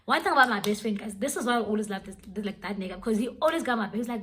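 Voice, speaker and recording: A woman's voice: fairly high pitch, quick pace, a bit bright. A young woman telling a dramatic storytime vlog, switching languages as she goes. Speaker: vlogger. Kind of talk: storytime vlog, casual chat.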